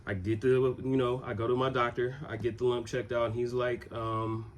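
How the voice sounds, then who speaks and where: A young man telling a personal story in a loose, conversational way, with many pauses and restarts. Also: mid-range voice, completely flat delivery. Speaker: vlogger.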